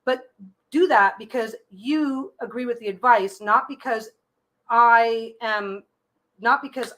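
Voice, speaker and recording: On her live stream, a slightly high-voiced, somewhat bright-sounding woman reads tarot casually and chattily. Her pitch sits a bit above the usual; she stumbles, repeats herself and restarts often while thinking aloud, finally offering reassuring advice.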